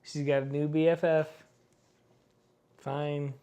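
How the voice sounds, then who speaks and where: A man's voice: fairly high pitch, level tone, slow, warm tone, clean tone. A man co-hosting a casual wrestling podcast, answering in short remarks and laughing often. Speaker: podcast co-host. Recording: dull, muffled sound.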